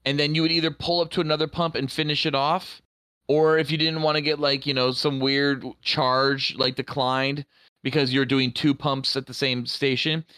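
Bright-voiced man rambling on a podcast. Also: medium pitch, little pitch movement, moderate pace, smooth, dry recording. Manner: rambling, crude, laughs easily. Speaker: podcast co-host. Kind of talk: casual chat.

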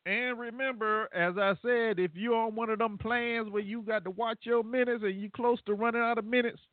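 A man's voice: extremely high pitch, steady tone, moderate pace, no echo. A man hosting a casual call-in talk show, rambling and laughing at his own jokes. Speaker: radio show host. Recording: dry, phone-like internet radio line.

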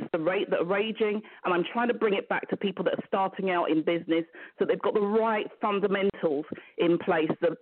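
A woman's voice: medium pitch, no echo. A woman from London with a London accent, a business mentor guest chatting in a playful, upbeat way. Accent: London English. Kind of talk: casual chat. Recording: tinny phone line.

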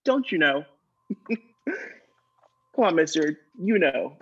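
Comic sketch actor, male, husky and slightly high, stammering doctor bit, dull lo-fi sound. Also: big pitch swings, slow, fairly bright tone. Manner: hesitant, stammering, laughing.

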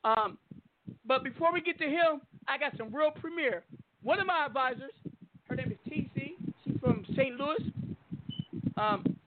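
A man hosting a talk radio show, telling a story in a blunt, animated way with plenty of swearing. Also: extremely high pitch, a little slow, long pauses, noisy background. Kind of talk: casual talk radio monologue. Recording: phone-like call-in line.

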